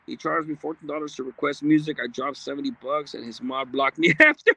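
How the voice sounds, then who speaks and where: A man's voice: on the high side, fairly even intonation, brisk, vocal fry, hardly any pauses, pushed and bright, no echo. Blunt streetwise man on a dry livestream. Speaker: livestream host. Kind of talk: casual livestream chat reading comments.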